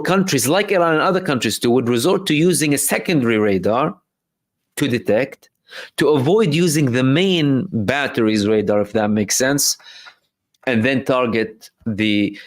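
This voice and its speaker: Here a medium-pitched man, recorded with no echo, works through viewer questions on his stream. His answers are loose and explanatory, full of fillers and false starts, in a casual commentary style.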